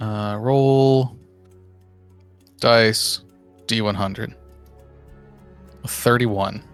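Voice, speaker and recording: A young man narrating as game master, relaxed and swearing casually. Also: on the low side, drawn-out words, clean tone, faint music behind.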